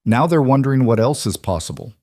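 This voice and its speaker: A man voicing a calm, quiet cowboy in a western story, speaking in an encouraging tone. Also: mid-range voice, fairly quick, no echo, clean studio sound, pitched above the performer's own voice.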